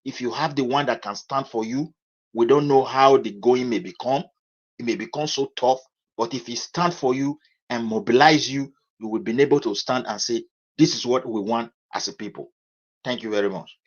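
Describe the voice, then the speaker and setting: Husky man on a dull call line. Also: medium pitch. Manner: deliberate, speechmaking. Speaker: caller. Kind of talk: live call-in debate.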